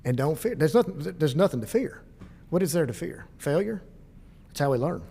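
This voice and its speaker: A man's voice: a little high, slightly rough. A middle-aged man with a Southern US accent, speaking as a school district administrator in a casual podcast interview and acting out bits of dialogue as he tells stories. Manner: animated, quick storyteller who acts out dialogue.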